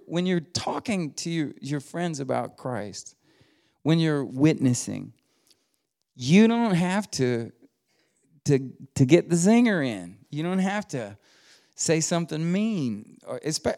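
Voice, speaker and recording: A middle-aged man delivers a sermon, his voice carrying a gravelly edge. He tells stories in a folksy, easygoing way. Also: mid-range voice, darkish tone. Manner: folksy storytelling with laughs and quoted voices. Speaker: pastor.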